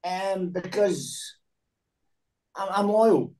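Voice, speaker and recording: A Scottish man in his sixties with a slightly high voice chats loosely and tells stories. He laughs through them and often repeats words as he goes. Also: very slow, darkish tone, low-quality recording. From Scotland. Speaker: former footballer guest. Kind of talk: casual chat, storytelling.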